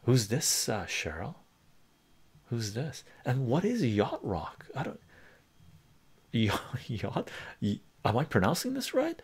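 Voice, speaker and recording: A man's voice: mid-range voice, huge pitch swings, slow pace, pauses often, breathy edge. A man hosting a live stream, chatting casually, reading chat messages aloud and rambling with many restarts. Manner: rambling and conversational, many fillers and restarts, reads lyrics aloud.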